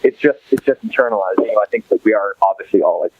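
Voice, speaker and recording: A man in his thirties, a podcast guest in casual interview chat, rambling with many fillers and restarts and swinging between excited and somber. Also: lowish voice, fast talker, breathy edge. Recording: dull lo-fi dry recording.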